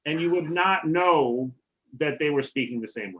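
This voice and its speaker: A man, a rabbi, teaching a relaxed Hebrew class over a video call, often checking in with "right?". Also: fairly high pitch, normal speed, dull audio. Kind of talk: casual online class teaching.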